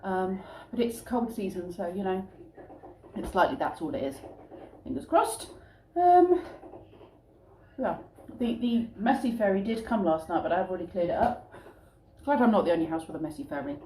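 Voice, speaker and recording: A woman's voice: mid-range voice, sing-song, moderate pace, dark tone, echoey room, slight background noise. A middle-aged British woman chatting casually to camera at home, rambling with little asides about her family's day. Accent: British English. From United Kingdom. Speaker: family vlogger.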